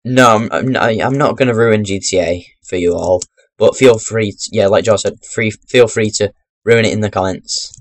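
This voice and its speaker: A young man giving chatty, rambling commentary while playing a video game into his webcam microphone, breaking into sudden loud exclamations. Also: on the low side, moderate pace, hardly any pauses. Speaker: gaming commentator. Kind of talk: chatty let's-play commentary.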